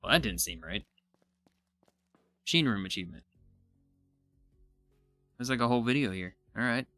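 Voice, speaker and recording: An excitable man talks his way through a game, commenting casually and thinking aloud as he goes. His voice has a bright, forceful edge and sits at a medium pitch, and faint music plays behind him. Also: normal speed. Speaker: gaming YouTuber. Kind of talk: casual let's-play commentary.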